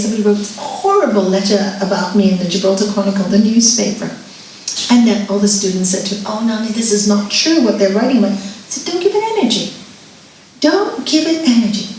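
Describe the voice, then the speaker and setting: A middle-aged woman, a yoga and spiritual teacher, answering audience questions with lively, laughing talk and repeating her key advice. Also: fairly high pitch, a little hiss or hum. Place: hall. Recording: echoey hall, voice from far off, faint ambience.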